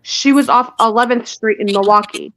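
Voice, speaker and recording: A woman's voice: on the high side, normal speed, a bit bright, low-quality recording. A woman, a guest in an interview, recounting a painful personal story in a rush, with restarts and asides. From Indiana. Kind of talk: emotional personal account.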